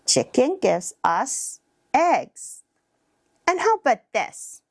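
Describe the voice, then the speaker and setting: Slow, high-voiced encouraging teacher woman. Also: very animated, no room sound, clean studio sound. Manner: slow, simple, encouraging words. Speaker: early childhood teacher. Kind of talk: demonstrating a toddler play activity.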